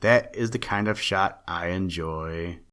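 A man's voice: low-pitched, measured pace, fairly bright tone, clean tone. A man voicing a boastful male sharpshooter in a storybook reading.

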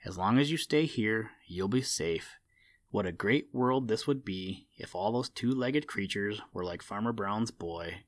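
A man voicing a sly, sharp-eyed male crow who teases the others with mock kindness, in a storybook reading. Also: lowish voice, animated, a little slow. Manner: sly, chuckling, mock-kindly.

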